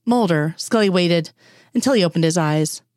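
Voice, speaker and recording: A woman reads a story aloud in a fairly low voice. The sound is dry and close, with no room around it. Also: brisk, dry recording. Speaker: fan fiction reader. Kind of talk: storybook narration.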